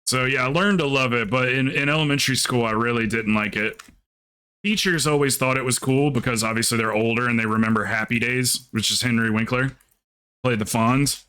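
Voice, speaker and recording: A man's voice: medium pitch, fairly even intonation, fairly quick, bright, forceful tone, smooth. A man from South Carolina, streaming a game and telling rambling, joking stories in casual chat. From South Carolina, USA. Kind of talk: casual chat while gaming.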